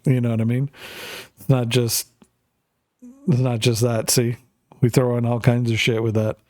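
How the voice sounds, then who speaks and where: A man's voice: mid-range voice, level tone, moderate pace, darkish tone, no room sound. Male Canadian streamer, loose profane banter over gameplay, close dry sound. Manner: rambling, profane, jokey. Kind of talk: casual chat while gaming.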